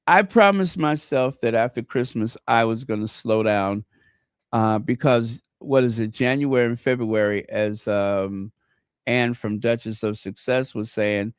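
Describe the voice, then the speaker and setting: A man's voice: mid-range voice, smooth, no echo. Guy hosting a livestream, gushing, takes his time, dry close sound. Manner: effusive, gushing over gifts; talks to viewers by name. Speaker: channel host. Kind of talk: casual live-stream chat.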